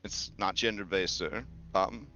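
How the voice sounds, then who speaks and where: Low-voiced, chatty male game master. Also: unhurried, sharp tone. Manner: chatty, joking, rambling. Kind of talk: casual tabletop game narration. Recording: slightly muffled audio with faint music.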